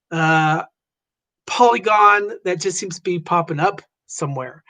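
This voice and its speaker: A woman's voice: mid-range voice, fairly bright tone, lo-fi sound. A woman hosting a casual livestream chat who greets viewers by name and rambles with lots of fillers. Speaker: livestream host.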